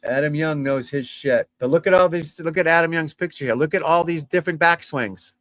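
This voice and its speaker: A man's voice: on the high side, brisk, fairly bright tone, no room sound. A man, a golf instructor, giving casual livestream commentary in a blunt, chatty way, swearing freely and talking straight to his viewers. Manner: blunt, profane, chatty, addresses viewers as folks and guys.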